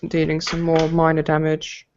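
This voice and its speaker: A man narrating a tabletop game as game master, often halting and restarting as he describes the combat. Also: fairly high pitch, monotone, a little mellow. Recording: lo-fi mic with faint noise.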